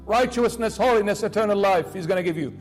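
High-voiced preacher with faint music. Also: male voice, fast. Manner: impassioned, rising and dropping to hushed pleading. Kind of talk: sermon.

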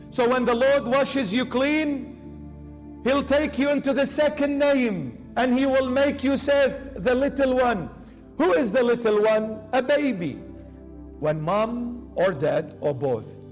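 A man preaching a sermon with dramatic emphasis, acting out the voices of the people he quotes. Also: high voice.

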